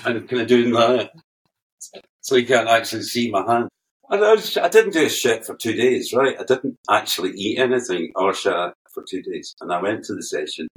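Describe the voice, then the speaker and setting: Scottish man telling stories off-mic. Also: low voice. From Scotland. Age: older. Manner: animated storyteller, laughs often, swears freely. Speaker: guest keyboard player. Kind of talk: casual anecdote telling. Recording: distant from the mic.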